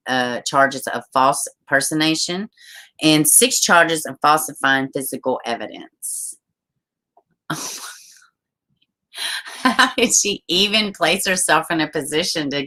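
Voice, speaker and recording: A woman hosting a casual live stream, reading news stories and viewer comments aloud, chatty and quick to laugh. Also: low-pitched, bright, forceful tone. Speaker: livestream host.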